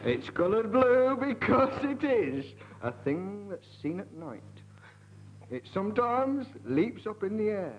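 A man's voice: high-pitched, very animated, takes it slowly. A man, a comedy panelist trading playful puns and verse. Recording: dull, noisy audience recording.

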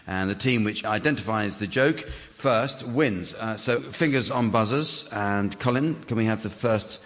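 A man hosting a comedy panel game with dry, deadpan links. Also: lowish voice, a little slow. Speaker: host. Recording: roomy theatre with long reverb.

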